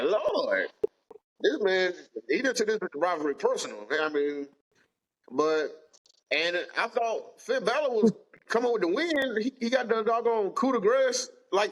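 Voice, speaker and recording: High-voiced man in animated wrestling banter. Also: low-quality recording. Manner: animated, drawling Southern slang, retells his own reactions. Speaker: podcast co-host. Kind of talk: casual wrestling chat.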